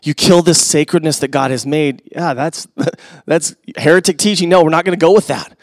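Male pastor, middle-aged, preaching a sermon, high voice, dry close sound, hushed near-whispers, asides to the congregation. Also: moderate pace, dry recording. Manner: dynamic preaching, swinging from loud emphasis to hushed near-whispers; conversational with fillers and asides to the congregation.

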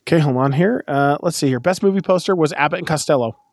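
A man's voice: a little high, fast talker, no room sound, clean studio sound. A man co-hosting a casual podcast, joking around and putting on an old-timey announcer voice for gags. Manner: playful, puts on an old-timey announcer voice for jokes. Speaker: podcast co-host. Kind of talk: casual chat.

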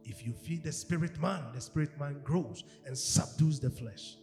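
A male pastor preaching a sermon, animated, acting out quoted voices and swinging from shouts to hushed tones. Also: on the high side, normal speed, vocal fry. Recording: echoey hall with music behind.

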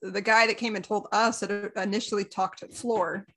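A woman's voice: mid-range voice, little pitch movement, moderate pace, fairly bright tone, slightly rough. A woman in casual conversation who chimes in, amused, with her side of a workplace story. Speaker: theater coworker.

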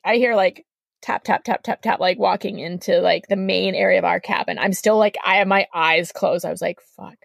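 A woman from Canada, a podcast guest, telling a story in a casual, animated way, acting out the voices she quotes and saying "like" a lot. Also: mid-range voice, gravelly, dry recording, studio quality. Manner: animated, acts out quoted voices, heavy use of "like".

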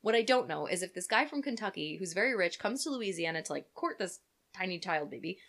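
A woman's voice: medium pitch, lively intonation, a little fast, fairly bright tone. A woman co-hosting a podcast, telling a true-crime story in a casual chat, laughing and swearing. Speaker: podcast co-host.

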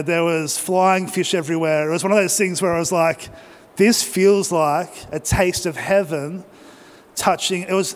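An Australian man preaching, telling a personal travel story in a conversational way and speaking directly to the audience. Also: high voice. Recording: long reverb of a large hall.

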